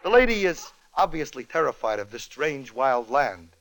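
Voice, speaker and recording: A man's voice: medium pitch, very animated, moderate pace, a bit bright, low-quality recording. A man hosting a comedy show, telling a comic story in a wry, joke-timed way. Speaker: comedy radio host.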